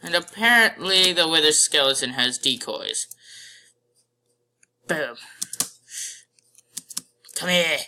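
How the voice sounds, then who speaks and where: A gamer narrates a match in real time with playful commentary, exclaiming at the action on screen. The voice has a sharp, very bright edge. The delivery is slow and drawn out. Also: medium pitch, animated, a little hiss or hum. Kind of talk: live gameplay commentary.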